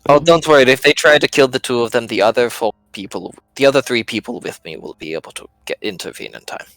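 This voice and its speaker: A man narrating as game master in a tabletop game, animated and laughing often. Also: medium pitch, fast, dry recording.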